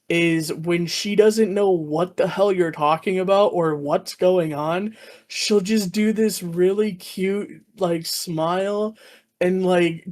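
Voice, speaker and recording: An animated podcast host telling anime scenes in casual chat. This host laughs a lot and slips into acted-out lines, with a voice at an everyday pitch. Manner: animated storyteller, laughs often, acts out scenes.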